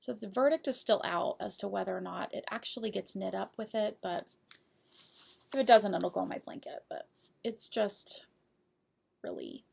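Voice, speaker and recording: A woman's voice: medium pitch, very animated, moderate pace, vocal fry, pauses often, a little mellow, husky. A woman hosting a knitting podcast, chatting casually and giggling as she talks straight to her viewers. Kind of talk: casual show-and-tell of yarn purchases.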